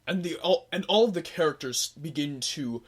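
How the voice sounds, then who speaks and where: Cosplayer doing a rigid male troll, formal, stilted, husky. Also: medium pitch, moderate pace, natural voice. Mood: stiff. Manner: stiff, formal, wordy remarks. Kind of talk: in-character comedy recap.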